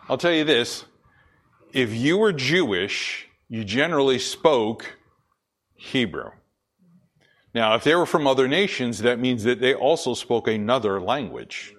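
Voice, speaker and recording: A man's voice: mid-range voice, expressive, unhurried, fairly bright tone. A man from the Pacific Northwest preaching a sermon in a conversational way, reading scripture aloud and asking and answering his own questions. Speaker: pastor. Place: church with congregation laughing.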